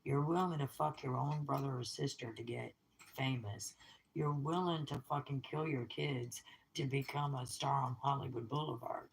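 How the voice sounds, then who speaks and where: A middle-aged speaker with a gravelly, fry-edged voice, ranting straight at the camera. The delivery is blunt and scornful, thick with swearing, at an ordinary middle pitch. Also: a little hiss or hum, poor audio. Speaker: vlogger. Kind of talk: angry profane rant to camera.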